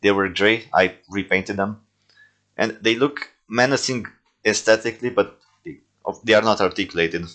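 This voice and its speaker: A man's voice: lowish voice, moderate pace, fairly bright tone. A young man who is not a native English speaker, casually commenting on his own toy movies, rambling with many fillers and self-corrections.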